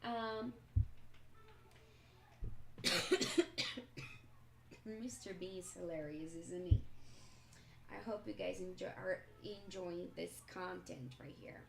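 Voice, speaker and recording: A woman teaching English in a live stream, explaining slowly and checking in with her viewers. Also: on the low side, fairly even intonation, creaky. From Brazil. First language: Portuguese. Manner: slow, explanatory, checks in with "okay?". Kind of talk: live-stream language lesson. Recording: echoey room, faint noise.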